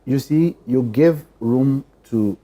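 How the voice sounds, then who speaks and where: A man speaking as a political panelist, choosing formal words with deliberate pauses. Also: medium pitch, mellow. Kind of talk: panel discussion.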